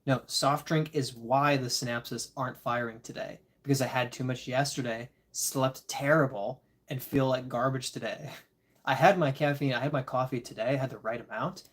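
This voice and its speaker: A man's voice: mid-range voice, normal speed. Tired man chatting on a live stream. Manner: relaxed, chuckling, rambling. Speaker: disc golf livestreamer reading chat. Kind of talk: casual live-stream chat.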